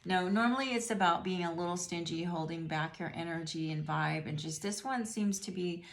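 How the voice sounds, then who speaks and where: In a roomy, echoey space, a middle-aged woman reads tarot casually for the viewer, musing and rambling at a normal speed. Her voice is fairly low in pitch.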